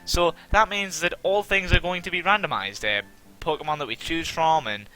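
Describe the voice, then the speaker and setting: A man giving casual let's-play commentary, rambling and self-deprecating, with a somewhat monotone delivery and lots of fillers. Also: on the high side, moderate pace, soft background music.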